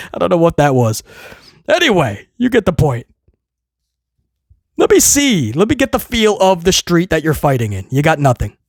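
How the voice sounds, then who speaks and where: A man's voice: fairly high pitch, no echo, studio quality. A man hosting a casual video review, ranting in a sarcastic, exasperated way and rambling with many restarts. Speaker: wrestling show reviewer, host.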